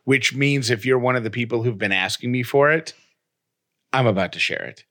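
A man in his thirties co-hosting a podcast, telling stories in a lively, animated way. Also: a little fast, dry recording, clean studio sound. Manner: animated storytelling, breaks into high voices for quotes. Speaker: podcast co-host. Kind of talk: casual chat.

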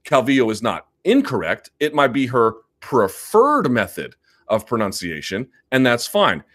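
A man's voice: medium pitch, big pitch swings, measured pace, fairly bright tone. A male host of a sports live chat, answering viewer comments in an emphatic, argumentative way and repeating his points.

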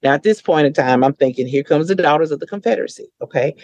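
A woman speaking as a podcast guest, telling stories in a lively way and acting out other people's voices. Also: fast, no room sound. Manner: lively, acts out quoted voices with big pitch jumps. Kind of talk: conversational storytelling.

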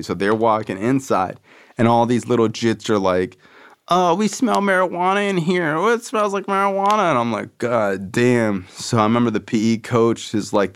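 Low smooth-voiced man telling a story. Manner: loose and profane, acts out quoted voices. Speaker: podcast host. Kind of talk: casual storytelling.

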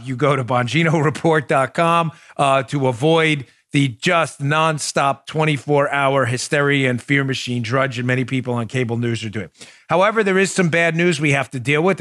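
Man, political podcast host, emphatic, fairly high voice, dry close mic. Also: a bit bright, no room sound. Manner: emphatic, repetitive, builds to heated intensity. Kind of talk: political commentary.

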